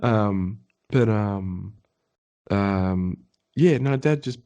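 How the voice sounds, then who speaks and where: A man co-hosting a podcast, telling a long story in a loose, casual chat. His delivery is animated and full of swearing. He slips into voices for the people he is describing. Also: lowish voice, drawn-out words. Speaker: podcast co-host.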